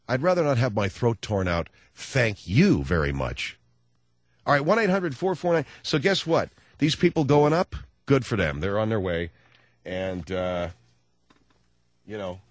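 Lively sardonic man ranting on radio. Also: mid-range voice, no room sound. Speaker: radio talk show host. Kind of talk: comedic radio monologue.

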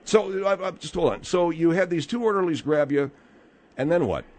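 A man's voice: on the high side, expressive, normal speed. A man hosting a radio talk show from the studio, probing and needling a caller.

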